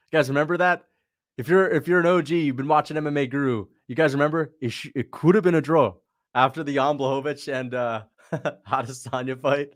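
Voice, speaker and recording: A man's voice: medium pitch, dry recording, studio quality. A young man with an ordinary mid-range voice chats loosely through a livestream. He reacts on the fly, laughs easily and stops to thank viewers between remarks. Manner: loose, chatty, quick to laugh, reads out donations. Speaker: livestream host reacting to fights. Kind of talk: casual livestream commentary.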